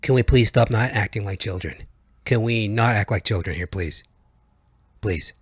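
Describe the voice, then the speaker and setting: A man imitating a stern older male politician firmly scolding in a deliberate way. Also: lowish voice, husky, no room sound.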